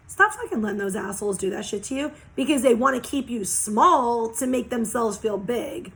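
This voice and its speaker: Young woman, fairly high voice, passionate, blunt, swears a lot, card reading. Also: lively intonation, brisk, creaky, hardly any pauses, fairly bright tone. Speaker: tarot reader. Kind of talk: casual oracle card reading.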